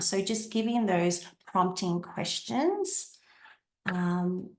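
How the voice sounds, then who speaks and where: A woman speaks gently as she explains parenting tips and acts out kind phrases for a child. Her pitch sits in an ordinary middle range, and she talks with frequent ums. The room around her sounds echoey. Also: slow. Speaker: Montessori parenting guest.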